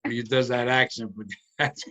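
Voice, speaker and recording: Rhode Island host on a video call, mid-pitched, bright, chatty and quick to laugh. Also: male voice, flat delivery. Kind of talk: casual chat on a video call.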